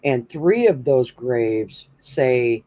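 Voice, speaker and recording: A man's voice: medium pitch, animated, extremely slow, dark tone, highs cut off. A man hosting a paranormal podcast, telling a story in a rambling, casual way with many fillers. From New Hampshire. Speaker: podcast host.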